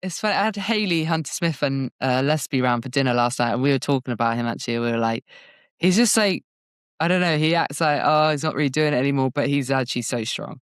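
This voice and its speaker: A woman's voice: rumbling low, quick pace, clean tone, no room sound, studio quality. A young woman co-hosting a podcast, telling a race story in a chatty, laughing way full of "like". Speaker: podcast co-host, cyclist. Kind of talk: casual chat.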